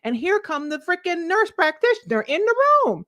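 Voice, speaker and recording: A woman in her forties telling a personal story to her live-stream viewers, expressive and confiding, with sudden leaps in pitch. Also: moderate pace, dry recording. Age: 40s. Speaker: vlogger, life coach.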